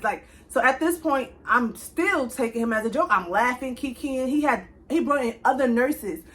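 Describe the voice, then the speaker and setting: A young woman telling a casual storytime straight to her viewers, chatty and animated, with speech. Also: sits high, normal speed, few pauses. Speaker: vlogger.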